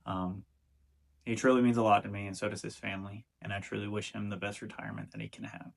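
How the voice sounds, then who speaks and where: A former employee answering an interview question hesitantly, with many pauses. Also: male voice, on the low side, little pitch movement, gravelly.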